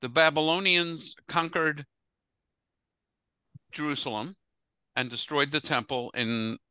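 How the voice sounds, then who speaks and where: A man leads an adult study class as its rabbi, talking over a video call. His voice is very bright and sits close and dry, with no room around it. He speaks casually and digresses often. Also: on the high side, fairly even intonation, slow pace, clear, resonant tone, no room sound. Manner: chatty, digressive, laughs easily. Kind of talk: casual adult-education lecture.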